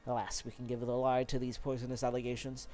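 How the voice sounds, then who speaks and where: A man's voice: medium pitch, completely flat delivery, quick pace, darkish tone, lightly acted. A man voicing an earnest, formal noble knight while reading game dialogue aloud.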